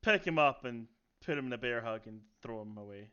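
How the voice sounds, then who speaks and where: A man playing a tabletop game, talking in a low grumbling mutter. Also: animated, brisk, sharp tone, lo-fi sound. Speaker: player.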